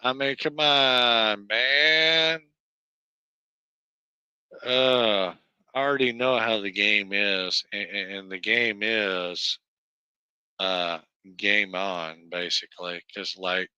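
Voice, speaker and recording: A man's voice: on the low side, slow, bright, forceful tone, clean tone, no room sound, dull audio. A man with a Southern American accent hosting a livestream, ranting at length in a profane, rambling way full of fillers and restarts. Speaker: livestream host.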